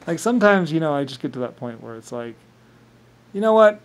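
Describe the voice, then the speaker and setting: A man talking in a rambling monologue, often laughing and mimicking others in quick quoted voices. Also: fairly high pitch, big pitch swings.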